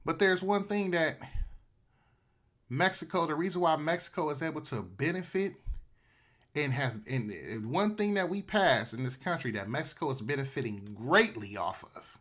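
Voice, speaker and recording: A man's voice: a little high, lively intonation, normal speed, a bit bright. Guy ranting on his podcast, cussing a lot, slangy, plays out little fake conversations. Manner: profane, slangy, acts out mock dialogue. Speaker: podcast host. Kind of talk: casual political commentary.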